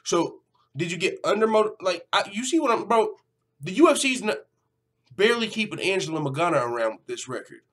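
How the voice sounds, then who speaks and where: A man's voice: high-pitched, brisk. A man hosting an MMA news vlog, talking casually and animatedly, swearing often. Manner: animated, profane, conversational. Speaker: MMA news channel host.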